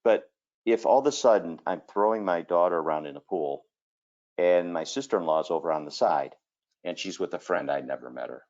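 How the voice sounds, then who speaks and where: A kitchen designer talking through a screen-share presentation, telling folksy stories and filling gaps with 'okay' and 'you know'. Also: male voice, low voice, brisk, a little mellow, muffled recording. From Cleveland area, Ohio.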